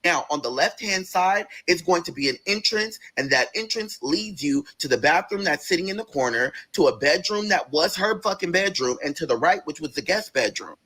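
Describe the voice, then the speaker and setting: A man's voice: on the high side, expressive, normal speed, hardly any pauses, sharp tone, husky. A man hosting a storytime vlog, telling a story with emphatic, profane energy and acting out other people's lines. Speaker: vlog host.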